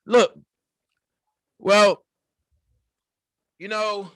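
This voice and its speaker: A man's voice: high voice, moderate pace, pauses often, a bit bright, no room sound. A man hosting his own commentary channel, talking in a casual, profane, storytelling way. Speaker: channel host.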